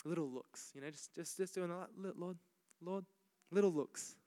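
A young Australian man preaches with lively energy, his fairly high, smooth and resonant voice ringing out across a large church hall. He repeats phrases and stumbles eagerly into restarts, urging listeners on. The long reverb of the room trails after each line. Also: brisk. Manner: energetic, repeats himself, exhorting "come on". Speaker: pastor. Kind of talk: sermon.

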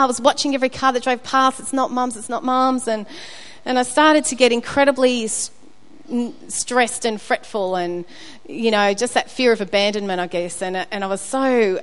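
A woman's voice: a little high, clean tone. Woman preaching in a reverberant hall. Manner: candid, rambling with frequent restarts. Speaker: speaker at church. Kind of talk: personal testimony sermon.

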